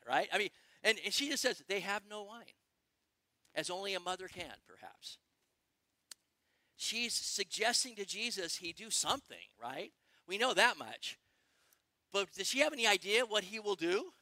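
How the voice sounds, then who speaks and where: A middle-aged male pastor preaching a sermon, excitable and animated, firing questions at the congregation. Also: high-pitched, no echo. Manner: excitable, quick bursts, asks the congregation questions.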